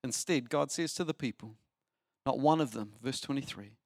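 A man preaching a sermon as pastor, animated, asking the listeners rhetorical questions. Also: medium pitch, moderate pace, vocal fry, no room sound, clean studio sound. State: short on sleep.

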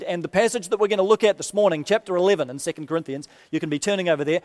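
A man's voice: sits high, a little mellow. A man preaching a sermon, talking conversationally and building to impassioned emphasis as he reads scripture aloud. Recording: long hall reverb.

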